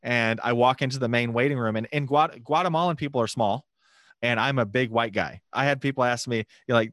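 A man telling a lively mission story in a casual, animated way, laughing now and then. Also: mid-range voice, a little fast, no room sound, studio quality.

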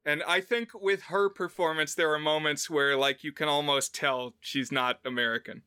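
A man co-hosting a podcast in easy casual chat, his voice bright, forceful and smooth. He talks playfully and slips into short accent impressions, recorded dry and close with no room sound. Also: a little high, fairly even intonation, moderate pace, no echo. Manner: chatty, playful, mimics accents in short bits. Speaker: podcast co-host.

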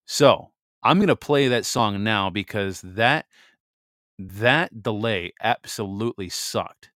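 An American man co-hosting a faith podcast, chatting casually and laughing at himself, then reading scripture aloud in a steady, measured way. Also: lowish voice, no room sound, clean studio sound. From United States. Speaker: podcast co-host.

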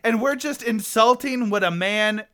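A man's voice: sits high, unhurried, sharp tone, smooth. A young man co-hosting a podcast, explaining his view of a movie carefully, with some hesitation. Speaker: podcast co-host. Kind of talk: casual movie-review chat.

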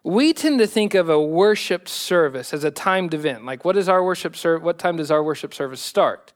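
Pastor guy giving a sermon, pretty high clear voice, jokes at himself. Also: lively intonation, moderate pace. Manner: humorous, self-deprecating.

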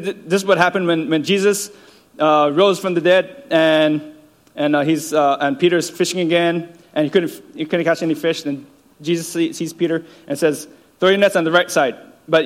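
A man preaching an informal sermon, earnest and halting, with many repeated words and fillers and chuckles between phrases. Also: a little high.

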